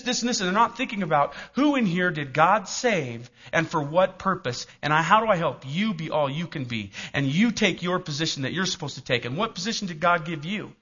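Bright-voiced male pastor preaching. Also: sits high. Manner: storytelling, asks the congregation questions. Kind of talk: sermon. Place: church. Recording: dull lo-fi recording.

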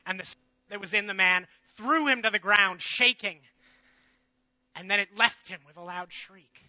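A man playing the disciple Peter in a dramatic biblical monologue, earnest and shifting from loud to hushed. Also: high voice, normal speed, no room sound, dull audio.

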